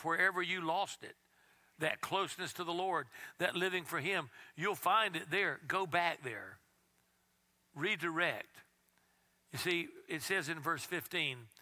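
Guy preaching in church, bright voice, gets quiet sometimes. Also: on the high side. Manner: preaching, dropping to a hush at times. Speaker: pastor. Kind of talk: sermon.

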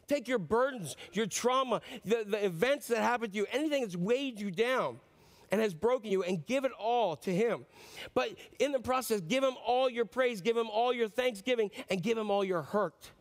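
A man delivering a sermon with a notably high voice. He speaks earnestly, pleading with the listener, lifting his voice for emphasis and then sinking low and quiet. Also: normal speed. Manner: earnest, pleading, rises and drops sharply for emphasis. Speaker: pastor.

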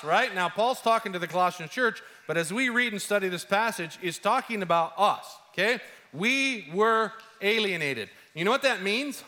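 Pastor, male, higher voice, preaching in a big church with a long echo; lively storyteller who leans on key words. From Arizona, USA. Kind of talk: sermon. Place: large church hall. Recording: long church-hall reverb.

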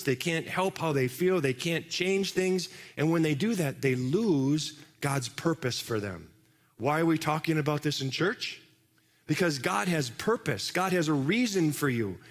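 A male pastor delivers a sermon in a conversational way, putting questions to the congregation in a slightly high voice. He's in a large church hall, and the recording carries a long hall reverb.

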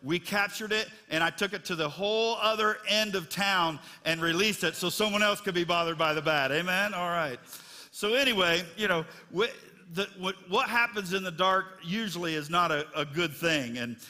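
A man's voice: sits high, normal speed, bright, forceful tone. A middle-aged man preaching a sermon as pastor, telling folksy stories with lots of fillers. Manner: folksy, chatty storytelling with many fillers. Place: church sanctuary. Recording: long church reverb.

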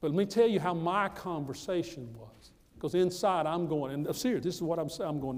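American guy preaching his testimony, kinda high voice, keeps repeating stuff for punch, big echoey hall. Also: a little fast, darkish tone. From United States. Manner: emphatic, repeats phrases for effect. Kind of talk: storytelling sermon.

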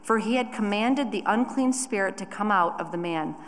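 A woman reading a scripture passage aloud in a measured, deliberate way during a church service. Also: mid-range voice. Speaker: scripture reader. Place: church sanctuary. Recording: long church reverb.

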